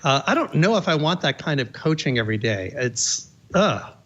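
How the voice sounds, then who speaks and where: Skeptical male guest, lively voice. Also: on the high side, normal speed, lo-fi sound. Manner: skeptical, questioning. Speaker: panel guest. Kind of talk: casual panel chat.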